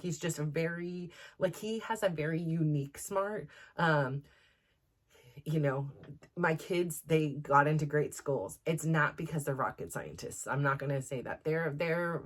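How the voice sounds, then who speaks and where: A woman's voice: sits low, a little slow. A middle-aged woman hosting a podcast, chatting casually and rambling with many fillers and restarts. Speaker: podcast host. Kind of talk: casual chat.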